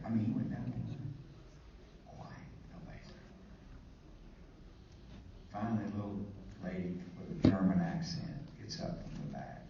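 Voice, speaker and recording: A man gives a conference talk to church leaders, telling folksy anecdotes with dry humor and voicing each side of the conversations. He is recorded from a distance in a very echoey hall. The sound is dull, with steady noise underneath. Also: on the low side, unhurried, gravelly, long pauses. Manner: folksy storyteller acting out dialogue. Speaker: church leader speaking to pastors.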